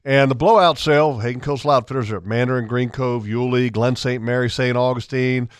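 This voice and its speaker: A man hosting a talk radio show, chatty and upbeat as he reads a sales pitch. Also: fairly even intonation, fairly quick, clean tone, no room sound, studio quality. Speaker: radio host.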